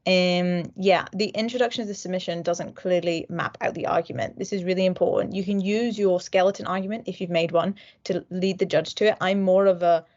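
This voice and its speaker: A woman's voice: lowish voice, fairly even intonation, fairly quick, hardly any pauses, a little mellow. A young woman from a university mooting society giving a casual, frank training talk with frequent fillers. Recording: dull lo-fi recording.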